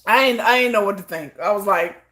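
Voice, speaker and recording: A woman's voice: mid-range voice, fairly quick. A woman hosting a casual livestream, telling stories with lots of laughter and acted-out quotes. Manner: animated storytelling, acts out quotes, laughs often; self-described shy introvert. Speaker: livestream host. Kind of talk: casual chat.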